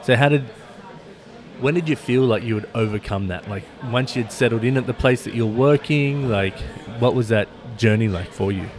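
A man with an Australian accent hosting a casual podcast interview, chatty and telling animated stories. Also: mid-range voice, normal speed. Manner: chatty, swearing, animated storytelling. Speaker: podcast host.

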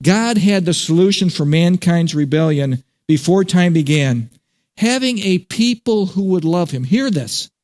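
A man preaching a sermon in a notably high voice. He is emphatic, repeats key phrases for weight, and slows down to let important words land. He speaks as the pastor addressing his congregation. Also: animated, a little mellow.

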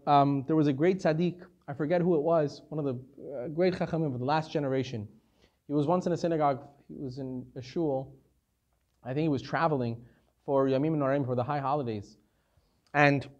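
A man's voice: a little high, a little mellow, highs cut off. A man, a rabbi, giving a conversational Torah lecture, telling stories animatedly and using Hebrew terms.

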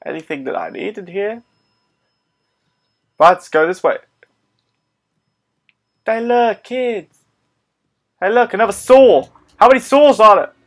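A man commenting on his own gameplay in an excitable, joking way, often exclaiming to himself. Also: high-pitched, slow pace, pauses often. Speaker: gaming video host. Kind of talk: let's play commentary.

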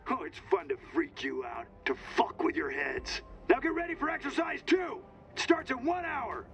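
An actor voicing a crude, mocking alien drill instructor in a video game, barking taunts. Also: male voice, extremely high pitch, wildly swooping pitch, normal speed, gravelly, a bit bright, full character voice. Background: game music.

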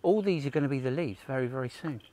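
An Australian man with a mellow, medium-pitched voice talks fast as he leads a livestreamed outdoor nature walk for kids. He's enthusiastic, speaks directly to the viewer, cracks jokes, and gasps at whatever he discovers.

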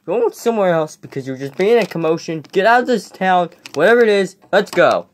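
A man's voice: high voice, expressive, a little fast, a little hiss or hum. Rowdy, swearing man in a skit. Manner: rowdy, swears a lot, exasperated yelling. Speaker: skit creator voicing characters. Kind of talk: comedy skit voice acting.

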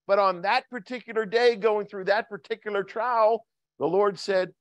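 A man's voice: high-pitched, fairly even intonation, moderate pace, no echo. A man preaching a sermon as pastor, reading scripture in King James wording and asking the congregation questions.

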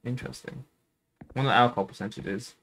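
A man's voice: mid-range voice, fairly even intonation, very fast, creaky, fairly bright tone, slight background noise. A man streaming a game, casually commenting, joking and swearing at the characters.

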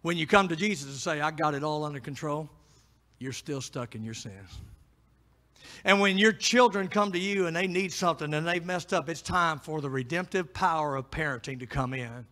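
A middle-aged man preaching with a high, bright voice. He moves from hushed pleading to loud, emphatic exhortation. His delivery is a pastor's full sermon address. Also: normal speed.

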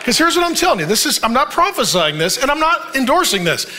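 A man preaching a sermon as pastor, reading scripture slowly and then talking it over in a joking, conversational way that draws the crowd in with "Amen?". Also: very high voice, background noise. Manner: reads scripture at a slow, even pace.

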